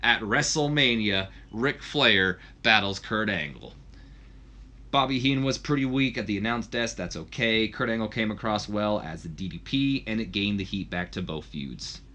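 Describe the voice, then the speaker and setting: A man's voice: lowish voice, brisk, hardly any pauses, fairly bright tone. A man casually narrating a wrestling game session, rambling with fillers. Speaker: let's play host.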